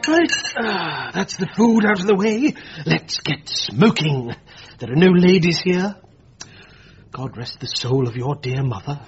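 An actor playing a jovial old country squire and father, with a husky, blustery voice. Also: on the high side, big pitch swings, unhurried, music in the background. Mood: hearty. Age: older. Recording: muffled lo-fi recording.

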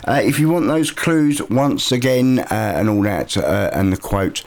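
A man's voice: lowish voice, a little slow, creaky. A man presenting a local morning radio show, chatting casually with lots of "uh" fillers. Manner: relaxed and chatty, with frequent "uh" fillers. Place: radio studio.

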